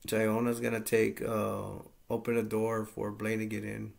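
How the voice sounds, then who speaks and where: Low, flat, gravelly-voiced man. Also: normal speed. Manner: rambling, plain-spoken, with frequent fillers. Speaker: movie reviewer. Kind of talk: casual movie plot recap.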